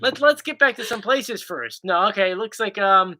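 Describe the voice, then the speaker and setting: A man's voice: high-pitched, lively intonation, normal speed, noisy background. A man hosting a casual livestream chat, playful and teasing his partner. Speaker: host.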